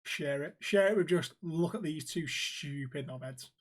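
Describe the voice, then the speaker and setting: A man's voice: fairly high pitch, normal speed. Crude, joking male podcast co-host. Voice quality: crude, swears freely, laughing asides. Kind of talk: casual podcast banter.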